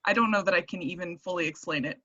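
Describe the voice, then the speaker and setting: Thoughtful woman, bright voice, dull audio. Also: fairly low pitch, fast. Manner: thoughtful, hesitant, many "um" and "like". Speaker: guest, English teacher. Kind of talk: casual podcast chat.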